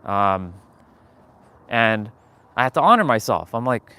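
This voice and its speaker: A man's voice: on the low side, sing-song, measured pace, bright, forceful tone, clean tone. A man hosting his own livestream, talking candidly and emotionally about his feelings, swearing and rambling with restarts. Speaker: livestream host. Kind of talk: casual confessional livestream talk.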